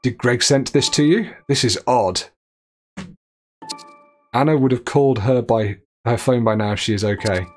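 A man's voice: mid-range voice, normal speed, long pauses, soft background music. Chatty man streaming a game. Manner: chatty, reads chat aloud and laughs often. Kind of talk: live game stream commentary.

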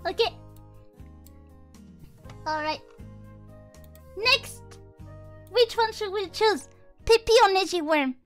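A woman's voice: very high voice, expressive, extremely slow, long pauses, soft background music. A woman streaming as a VTuber, chatting casually with viewers in a giggly, exuberant and playfully crude way. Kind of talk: casual livestream chat with viewers.

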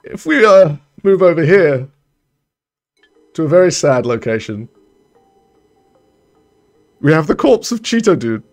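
A man's voice: lively intonation, a little slow, pauses often, soft background music. Chatty young man streaming a game. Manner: chatty, rambling, self-correcting, trails off low. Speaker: gaming streamer. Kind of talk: casual let's-play commentary.

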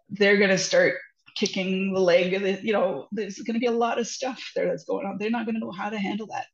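A woman's voice: medium pitch, gravelly. A woman speaking as a parenting educator guest, giving earnest, reassuring advice in a conversational way. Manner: earnest, reassuring, repeats "trust me". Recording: roomy, slightly dull lo-fi sound.

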